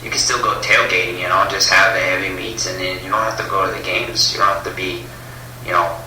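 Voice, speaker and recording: A man's voice: low voice, flat delivery, a little fast, pushed and bright, slight background noise. A man playing a rambling tailgate caller. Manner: rambling, mumbling, hesitant. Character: sleepy male tailgating caller from Wisconsin. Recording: echoey room from far off.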